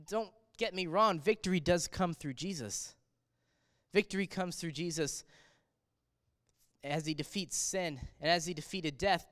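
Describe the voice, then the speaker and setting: A man's voice: a little high, a bit bright, clear, resonant tone, long reverb tail. A male pastor preaching a sermon, swelling in volume on the quoted cries of the crowd.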